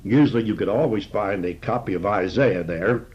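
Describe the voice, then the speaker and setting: Lo-fi, husky male Bible teacher. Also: lowish voice, darkish tone. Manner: measured, conversational teaching with frequent fillers. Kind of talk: sermon. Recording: dull lo-fi recording.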